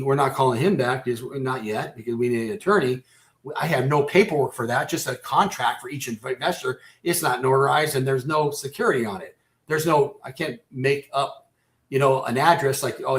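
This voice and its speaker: A man telling his own story as a radio guest, halting and repeating himself, close to breaking down. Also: medium pitch. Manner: halting, repeats and restarts phrases. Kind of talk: personal storytelling in a radio interview.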